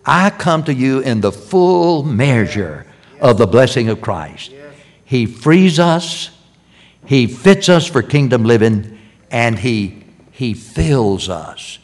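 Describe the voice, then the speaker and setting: An older man delivers a sermon in a church at an unhurried, deliberate pace. His voice sits in a middle pitch, and he leans on repeated phrases, rising to loud emphasis and then dropping to a hush. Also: very animated. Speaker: preacher. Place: church sanctuary.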